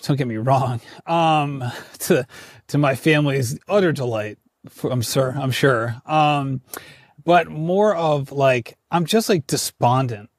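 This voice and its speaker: A man's voice: mid-range voice, takes it slowly, no echo. Chatty man with dry close sound. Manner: chatty and self-deprecating, with many "like" fillers and laughs. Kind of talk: casual conversation.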